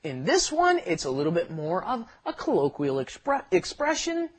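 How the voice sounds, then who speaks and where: A man's voice: high voice, huge pitch swings, moderate pace. A man co-hosting a language lesson, explaining phrases in a chatty way and laughing as he goes. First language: English. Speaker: co-host of a Korean lesson podcast.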